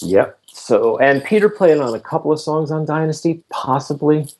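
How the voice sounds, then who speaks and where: A man in his fifties, a former roadie and bass player, telling relaxed stories as an interview guest. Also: normal speed. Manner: relaxed anecdotal telling, laughs between stories. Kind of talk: casual interview storytelling.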